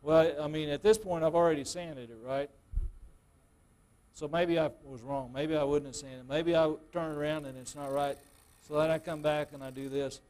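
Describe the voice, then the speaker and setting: A man leads a hands-on woodturning demonstration at a club meeting. His voice sits a little high, and he talks in a loose, folksy way. He checks in with the room by asking "okay?" again and again. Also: fairly even intonation, moderate pace, a little mellow. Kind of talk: live workshop demonstration to a club.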